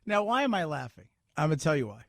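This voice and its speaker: A man hosting a talk radio show, giving an opinionated monologue in an animated, sarcastic way, often laughing. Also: on the high side, quick pace, vocal fry, dry recording, clean studio sound.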